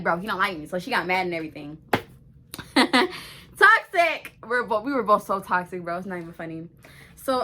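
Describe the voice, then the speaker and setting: Young woman on her vlog, bright sharp voice kinda low, animated and slangy, swears a lot. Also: slight background noise. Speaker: vlogger. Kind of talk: casual storytelling to camera.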